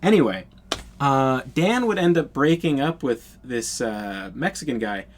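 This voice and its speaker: A man's voice: medium pitch, animated, a little slow, slight background noise. A young man telling a casual storytime anecdote in a blunt, profane, incredulous way.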